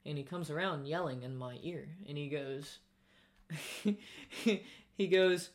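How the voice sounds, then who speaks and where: A man's voice: a little high, a little slow. A young man co-hosting a podcast, rambling through casual stories with restarts and acted-out quotes. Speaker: podcast co-host. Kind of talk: casual storytelling chat.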